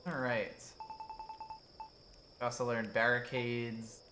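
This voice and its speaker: A man's voice: mid-range voice, level tone, takes it slowly, noisy background. A man co-hosting a game stream, trading dry, joking banter while he plays. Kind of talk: casual gameplay chat. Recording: echoey room with game music.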